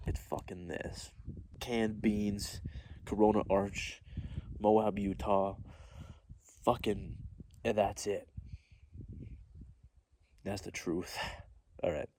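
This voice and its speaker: A man vlogging outdoors on a solo road trip, talking in a relaxed, rambling, heartfelt way and swearing often. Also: lowish voice, takes it slowly, pauses often, rough recording. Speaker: solo van traveler. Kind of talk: casual vlog to camera. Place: outdoors at a desert arch. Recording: loud background noise.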